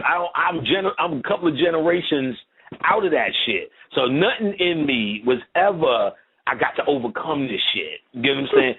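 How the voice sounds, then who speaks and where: Husky-voiced man on a tinny line. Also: a little high. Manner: loose, profane, rambling with frequent asides. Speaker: lecturer. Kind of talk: casual conversational storytelling.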